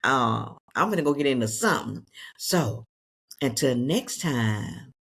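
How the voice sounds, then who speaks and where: A woman's voice: rumbling low, expressive, a little slow, creaky, breathy edge. A woman with a Southeast Texas accent, talking casually and unscripted to her viewers in a chatty, folksy way. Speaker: vlogger.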